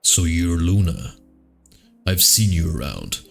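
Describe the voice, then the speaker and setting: A man voicing a deadpan young reporter in a visual novel, flat and measured. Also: deep voice, creaky, faint music behind, voice pushed down, full character voice.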